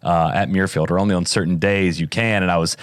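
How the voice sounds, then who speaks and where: A man's voice: low voice, steady tone, fast talker, dry recording, studio quality. A male podcast host chatting casually and thinking aloud as he asks about a story. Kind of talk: casual interview chat.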